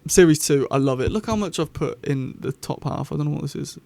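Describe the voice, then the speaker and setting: A young man chats his way through a vlog review. His voice sits a little high and sounds dry and close. He rambles eagerly from point to point. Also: brisk, creaky, a little mellow, dry recording. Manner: rambling, chatty and enthusiastic. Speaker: YouTube host.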